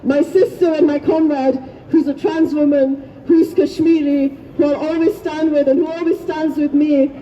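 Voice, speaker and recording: A woman's voice: high-pitched, steady tone, moderate pace, few pauses, dark tone. A woman giving an impassioned protest speech outdoors, leading the crowd in chants. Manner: fervent, leads crowd chants. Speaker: rally speaker. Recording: distant, dull lo-fi, faint crowd.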